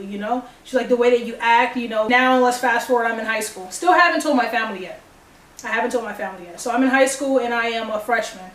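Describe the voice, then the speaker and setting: A woman's voice: fairly high pitch, brisk. A young woman telling a personal story to the camera, acting out the dialogue as she goes. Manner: animated, acts out dialogue. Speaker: vlogger. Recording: echoey room, distant mic.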